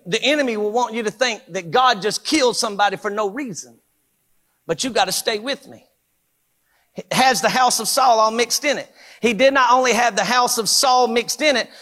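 A man preaching a Pentecostal sermon in a church, fervent and rhythmic, building to shouts with repeated phrases. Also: very high voice, in a large hall. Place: church sanctuary.

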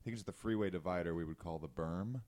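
A man's voice: low-pitched, fast, darkish tone. A man from Ohio chatting casually in a dry, sardonic way. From Ohio, USA. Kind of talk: casual chat.

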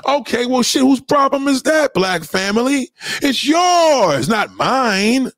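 A man's voice: extremely high pitch, animated, slow, fairly bright tone, no echo. A man in a heated, profane livestream rant, lecturing his audience.

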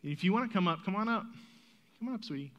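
A man leading a children's church Bible story skit, coaxing kids on stage and telling the story as a lively, encouraging storyteller. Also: high voice, quick pace, lo-fi sound.

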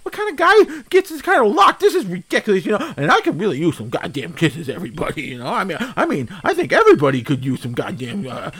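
A man hosting a comedy podcast, rambling excitably and swearing as he freaks out. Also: fast, few pauses, husky. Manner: excitable, rambling, swearing, swinging wildly in pitch. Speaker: podcast host.

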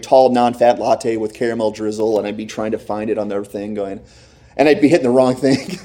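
A man preaching a sermon, telling a lively personal story and acting out the voices of others. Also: mid-range voice. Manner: animated storytelling, acts out quoted voices. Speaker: pastor.

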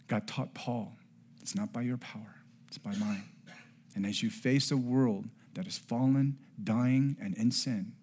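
A man in his forties preaching a sermon, dropping to soft near-whispers and then rising to emphatic passages, and telling a family story with acted-out dialogue. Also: fairly low pitch, slight background noise. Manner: swings between hushed near-whispers and raised emphatic passages. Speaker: pastor.

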